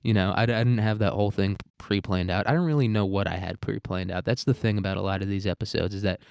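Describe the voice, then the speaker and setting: A man's voice: fairly low pitch, fast talker, vocal fry, darkish tone, smooth, no room sound, studio quality. A young man hosting a solo podcast, rambling and self-mocking with crude humor. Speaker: podcast host.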